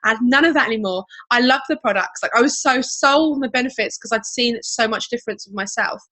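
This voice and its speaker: A woman telling her story on a video call, chatty and animated. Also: a little high, fast talker. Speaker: guest. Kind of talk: casual video-call interview.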